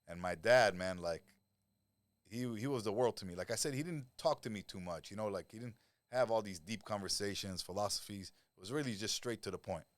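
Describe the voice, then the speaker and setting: A man with a very low voice tells his past in a rough, profane street manner, picked up close by a studio mic in a dry room with no echo. He is a guest on a podcast and sounds to be in his forties. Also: fairly quick. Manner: blunt, profane street talk. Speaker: interview guest. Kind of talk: storytelling interview.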